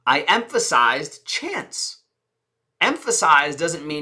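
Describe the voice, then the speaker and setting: Bright-voiced man coaching dramatic emphasis. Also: big pitch swings, takes it slowly. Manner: dramatic emphasis, drops voice low and soft for effect; rhetorical questions to the viewer. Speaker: public speaking coach. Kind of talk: presentation skills lesson.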